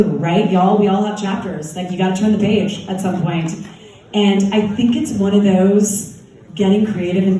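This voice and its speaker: A woman's voice: mid-range voice, warm tone. A former TV talk show host, a woman, telling chatty anecdotes with many "likes" in a festival Q&A, heard from a distant mic in a large hall. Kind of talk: festival Q&A storytelling.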